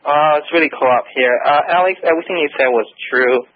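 A man's voice: a little high, brisk. Hesitant male caller on a phone line. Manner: hesitant, with fillers. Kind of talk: phone call into talk radio. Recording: tinny phone line with faint hiss.

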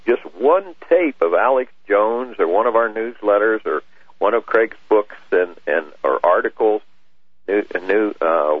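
Male radio guest, low husky voice, earnest and halting, heard over a dry phone line. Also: dry recording. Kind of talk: talk radio interview.

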